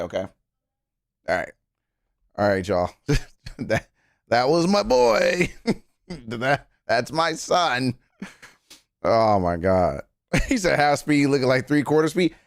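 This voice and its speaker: A man's voice: fairly low pitch, no room sound. Male streamer, casual live-stream chatter, playful, laughs a lot, dry close sound. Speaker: streamer reacting to a video.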